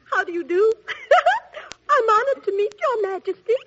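Giggly, weepy young brides. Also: female voice, extremely high pitch, big pitch swings, a little slow, full character voice. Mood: giggly tearful. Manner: giggling and tearful. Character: two young brides, one giggling, one weeping. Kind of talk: 1940s radio acting. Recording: muffled old radio recording, noisy.

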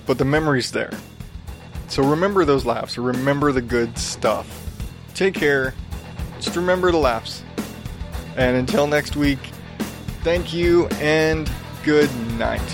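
A man's voice: mid-range voice, unhurried, long pauses, over music. A young adult man hosting a casual solo podcast, rambling and profane, restarting his sentences often. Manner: rambling, profane, self-interrupting with frequent restarts. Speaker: podcast host.

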